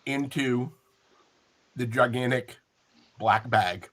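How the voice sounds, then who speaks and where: A man running a tabletop game as game master, playful, with quick asides. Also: mid-range voice, fairly bright tone.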